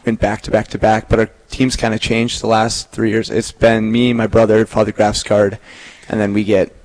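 A young man in his twenties, a seminarian guest, talking about himself in a relaxed, easygoing way in an interview. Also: on the low side, normal speed, poor audio. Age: 20s. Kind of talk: casual interview chat.

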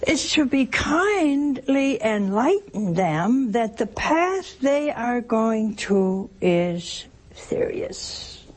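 There's slight background noise as an older woman with a somewhat high voice delivers a sermon about works of mercy. She teases in a homespun manner, poses rhetorical questions, and plays out small scenes from daily life.

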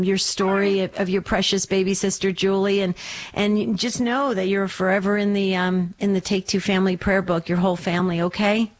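Encouraging woman radio host. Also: medium pitch. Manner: encouraging and affirming. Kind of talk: call-in radio hosting.

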